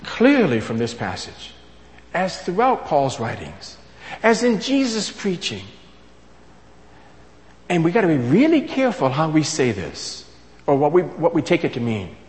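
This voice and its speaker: A man preaching a sermon, emphatic, repeating his key phrases and swinging between loud and soft. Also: on the high side, wildly swooping pitch, unhurried, pauses often. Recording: long reverb of a large hall.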